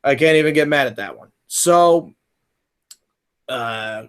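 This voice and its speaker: A young man hosting a casual podcast, rambling and filling pauses as he reads questions and tells stories. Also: a little high, a bit bright, clean tone. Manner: rambling, many fillers and restarts. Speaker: podcast host.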